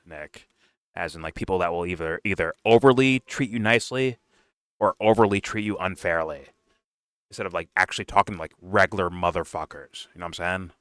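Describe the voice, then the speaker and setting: A man hosting a casual reaction stream, pausing a clip to comment in a rambling, profane way. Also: low voice, a bit bright, no room sound, clean studio sound.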